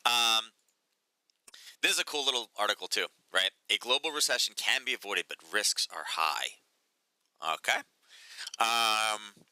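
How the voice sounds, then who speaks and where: A man's voice: lowish voice, pushed and bright, dry recording, low-quality recording. A man hosting casual live market commentary, chatty and sarcastic. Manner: chatty, sarcastic, lots of "right?" and "um". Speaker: market analysis host.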